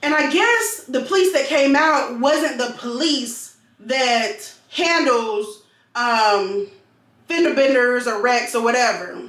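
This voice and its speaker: A woman vlogger telling a storytime to her viewers in an animated way, repeating phrases for emphasis. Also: fairly high pitch, slow pace, recorded from a distance. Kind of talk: storytime vlog. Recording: roomy sound, mic set back.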